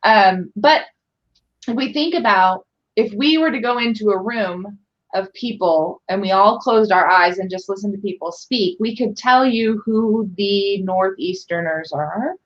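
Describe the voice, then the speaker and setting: A woman's voice: medium pitch, measured pace. A woman from California hosting a casual discussion, talking in a thoughtful, chatty way. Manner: thoughtful, chatty, laughs easily. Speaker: discussion host. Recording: dull lo-fi sound.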